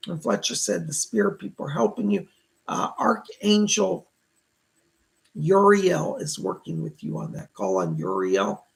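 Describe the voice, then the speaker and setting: A man hosting live psychic readings, thanking donors and relaying spirit messages in a slightly hoarse voice. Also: high voice, sing-song, a little slow, rough recording. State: hoarse, voice going. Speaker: psychic medium host.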